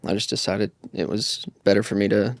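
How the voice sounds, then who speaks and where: A reflective man talks as a guest in a casual podcast chat, pausing and restarting with fillers. His voice sits fairly low. The sound is dry and close, with no room echo. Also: steady tone, creaky.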